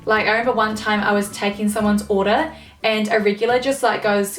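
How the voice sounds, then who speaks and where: With a flat delivery and a mid-range voice, a young vlogger rants to camera a little fast, exasperated, cursing often and full of fillers. Soft music plays in the background, and the distant mic picks up an echoey room.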